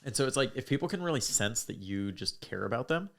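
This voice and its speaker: A man's voice: mid-range voice, expressive, fast talker, creaky, fairly bright tone. A young man who is a podcast guest, talking earnestly in casual chat and leaning on "like" as a filler.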